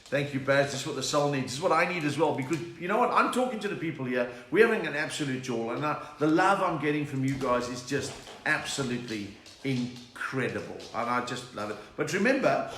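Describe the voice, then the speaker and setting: A man's voice: mid-range voice, lively intonation, a little fast, fairly bright tone. A middle-aged man with a South African accent, a comedian telling jokes and chatting with viewers on a home livestream. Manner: chatty, bursts into laughing song bits. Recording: echoey room with faint hiss.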